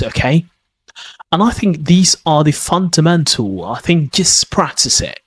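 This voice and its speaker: A man's voice: on the high side, expressive, unhurried, a bit bright, breathy edge. A man giving a podcast lesson on pronunciation, often restarting and checking in with "okay?". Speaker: pronunciation teacher.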